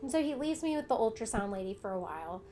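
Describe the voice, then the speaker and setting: A woman's voice: on the high side, expressive, quick pace, dark tone. A young adult woman vlogger candidly telling a personal story in casual conversation, acting out what others said. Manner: candid, conversational, retells events with quoted dialogue.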